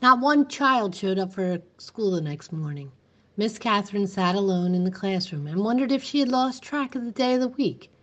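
A woman reading a novel aloud in a steady, even narrating voice. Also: mid-range voice, normal speed, highs cut off. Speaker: reader. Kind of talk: storybook read-aloud.

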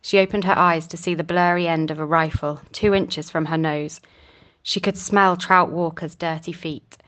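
A woman with a lowish voice reads a chapter of a novel aloud in a steady, measured way. She is an audiobook narrator delivering scripted narration.

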